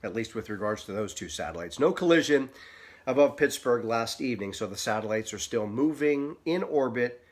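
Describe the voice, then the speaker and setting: A man presenting a casual weather forecast with a sponsor spot, talking in a relaxed, folksy way and wandering into small asides. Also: medium pitch, normal speed.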